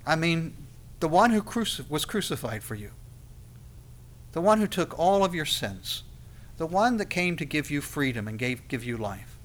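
A man preaching a sermon, swinging between loud emphasis and soft, intimate passages. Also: on the high side, sing-song, normal speed.

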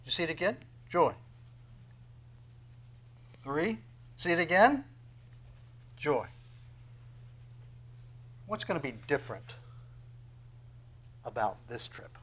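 Emphatic preacher, loud then whispering. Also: male voice, on the high side, sing-song, takes it slowly, long pauses, poor audio. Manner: emphatic, swinging from loud declarations to hushed whispers; acts out dialogues with God in other voices. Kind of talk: sermon, Bible teaching.

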